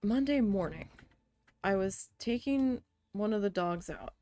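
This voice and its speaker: Slow-talking woman venting while streaming. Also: mid-range voice, expressive. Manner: chatty venting with frequent swearing; mutters quietly to herself while building. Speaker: game streamer. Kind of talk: casual storytelling while playing a building game.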